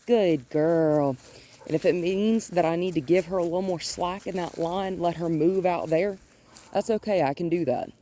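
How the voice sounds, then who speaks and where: A woman dog trainer giving an outdoor training demonstration, calmly coaxing and praising a dog while plainly explaining each step. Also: fairly low pitch, normal speed. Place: outdoors by her front yard and gate.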